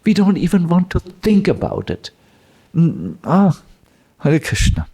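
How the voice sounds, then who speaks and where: Unhurried male spiritual teacher, gravelly voice, lively pitch, chuckles through his devotional stories. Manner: unhurried, chuckling, many fillers. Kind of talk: devotional storytelling lecture.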